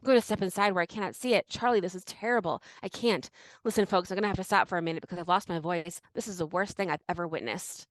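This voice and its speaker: A woman's voice: lowish voice, fast, no echo, natural voice, low-quality recording. A woman reading out, in a panicked voice, the words of a male radio reporter watching a disaster, breathless and repeating herself. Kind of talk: dramatic reading of an archive report.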